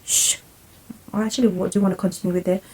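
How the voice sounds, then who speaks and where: A woman's voice: medium pitch, flat delivery, quick pace, darkish tone, husky, low-quality recording. Young woman vlogger, giggly and apologetic casual chat to camera. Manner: chatty, giggly, apologetic to viewers. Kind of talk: casual chat to camera, reading messages aloud.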